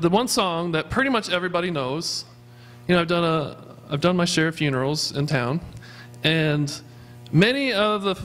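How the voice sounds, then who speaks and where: High-voiced pastor preaching earnestly. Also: male voice, a bit bright. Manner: earnest preaching with repeated questions. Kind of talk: sermon. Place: church sanctuary.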